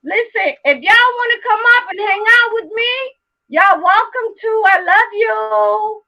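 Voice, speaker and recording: A woman's voice: extremely high pitch, a little slow, creaky, pushed and bright, low-quality recording. A woman hosting her own live stream, talking casually to viewers and ranting heatedly at one of them, swearing a lot and repeating herself for emphasis.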